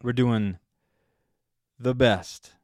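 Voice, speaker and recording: A man's voice: mid-range voice, extremely slow, no room sound, studio quality. A young man hosting a casual podcast chat, joking and laughing often. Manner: lively, laughs often, jokey. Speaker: podcast host.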